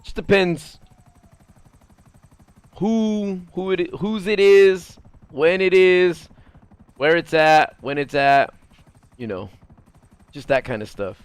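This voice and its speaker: A man streaming a video game, chatting casually with his viewers in a low, mumbly voice and swearing now and then. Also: slow, pauses often, smooth, no echo. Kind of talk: casual gaming stream chat.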